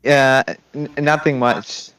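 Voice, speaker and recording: A man calls in to a live stream and stumbles over his words. His speech comes out halting and uncertain. His voice is smooth and clear. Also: mid-range voice, flat delivery, fairly bright tone, rough recording. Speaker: caller. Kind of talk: casual call-in question.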